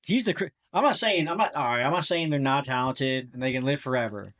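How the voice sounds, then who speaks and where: A man's voice: mid-range voice, brisk, a bit bright. A man hosting a podcast in casual chat, blunt and jokey, laughing often and swearing freely. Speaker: podcast host.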